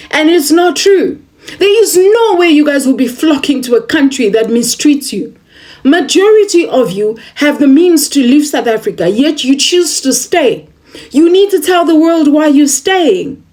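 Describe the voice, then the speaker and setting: A woman's voice: high-pitched, darkish tone. Earnest woman making a direct appeal.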